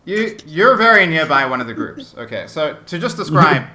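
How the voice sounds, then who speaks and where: A man's voice: on the high side, very animated, moderate pace, pushed and bright. A man narrating a tabletop game as game master, descriptive and full of fillers. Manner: descriptive, hesitant with many fillers.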